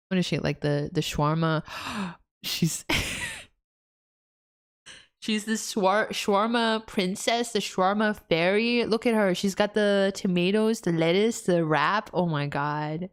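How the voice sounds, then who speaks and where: A woman's voice: fairly low pitch, measured pace, faint music behind. A woman streamer casually playing a story game, reading its text aloud, laughing often and exclaiming at the twists. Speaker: VTuber streamer.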